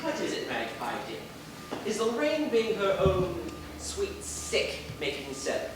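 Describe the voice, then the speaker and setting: Guy doing a showy vain playwright, high sing-song voice, far off in an echoey noisy theater. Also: wildly swooping pitch, slow pace, full character voice. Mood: grandiose. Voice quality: grandiose and theatrical. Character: flamboyant, vain male celebrity playwright. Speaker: stage actor. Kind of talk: live stage play. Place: theater stage.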